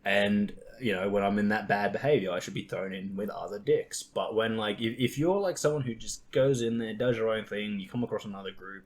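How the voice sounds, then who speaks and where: Low-voiced young man, swearing and joking. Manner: profane and jokey, acts out quotes. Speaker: podcast host. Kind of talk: casual chat about gaming.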